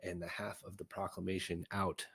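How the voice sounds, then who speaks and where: Deep, gravelly man reading a storybook. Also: level tone, moderate pace, a bit bright, no echo. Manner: playful, goofy voice-switching. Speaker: story reader. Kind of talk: reading a children's novel aloud.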